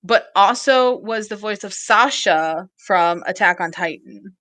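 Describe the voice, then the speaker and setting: A woman's voice: medium pitch, measured pace, a bit bright, dry recording. A woman co-hosting a casual podcast, chatty and laughing often as she plans upcoming episodes. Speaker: podcast co-host. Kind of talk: casual chat.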